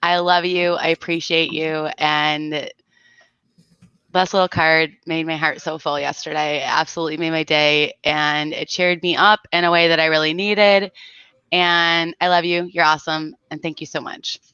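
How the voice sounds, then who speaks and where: A woman's voice: low voice, little pitch movement, normal speed, bright, forceful tone, smooth, no echo, lo-fi sound. A woman from South Florida hosting a casual livestream and greeting her viewers by name. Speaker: livestream host.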